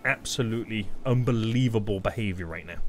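A young British man giving live commentary while playing a game, excitable and prone to sudden loud yelps and shouts. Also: lowish voice. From Britain. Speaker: gaming YouTuber.

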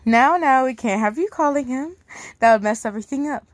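A woman voicing a menacing, obsessive older brother in a fan fiction read aloud, calm and coldly threatening. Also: high voice, fairly quick, dry recording.

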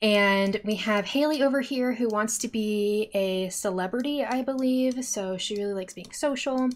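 A woman's voice: medium pitch, moderate pace. A young woman giving casual, chatty commentary while streaming a life-simulation game, often talking straight to the characters.

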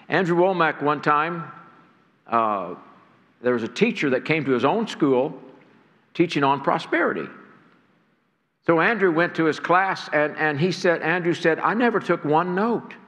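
A man's voice: a little high, lively intonation, a little slow, pauses often, fairly bright tone. A man preaching a sermon to a church congregation, earnest and stirring, often repeating words as he builds. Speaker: pastor. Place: church sanctuary. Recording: long hall reverb.

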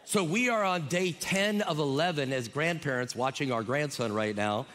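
A man's voice: a little high, moderate pace, fairly bright tone, slight background noise. A middle-aged man from Minnesota, a guest pastor preaching with enthusiasm and a joking, friendly way with the crowd. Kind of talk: sermon. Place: large church auditorium. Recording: long reverb in a church hall. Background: congregation audible.

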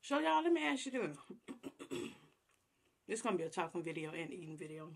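Her voice lowish, creaky and slightly rough, this mukbang vlogger talks a little fast in a sing-song way. She chats casually with viewers while chewing through a meal on camera, enjoying every bite.

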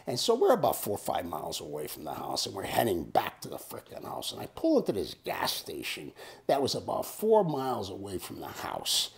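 A man's voice: deep voice, huge pitch swings, a little fast, gravelly. A man in his seventies telling a personal story in a casual way. He talks bluntly and swears freely, like a tough guy. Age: 70s. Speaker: storyteller host.

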